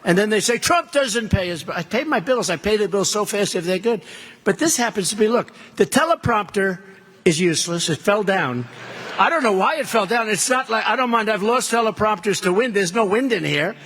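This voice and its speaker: High-pitched boastful rambling man at a podium. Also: expressive, fairly quick, a bit bright, a little hiss or hum. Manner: rambling, boastful, repetitive, mocking. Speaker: political candidate at a rally. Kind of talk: off-the-cuff rally speech. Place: stage at a political event.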